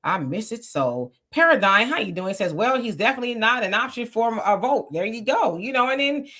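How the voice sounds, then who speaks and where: A woman hosting a casual livestream, greeting viewers by name and reading their comments aloud with quick agreement. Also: on the high side, animated, a bit bright.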